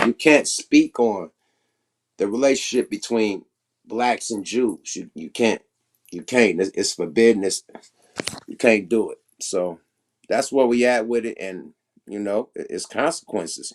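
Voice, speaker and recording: A man's voice: lowish voice, unhurried. A man hosting a casual livestream, talking loosely and emphatically with plenty of profanity. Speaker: livestream host.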